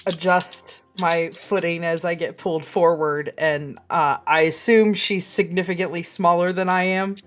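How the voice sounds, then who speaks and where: Slow-talking woman player. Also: on the low side, steady tone, soft background music. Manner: slow, hesitant speech. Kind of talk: tabletop role-play.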